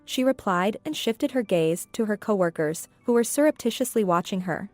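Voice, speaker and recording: A woman reading scripted story narration in an even, steady way. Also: medium pitch, normal speed, few pauses, no echo. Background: faint background music.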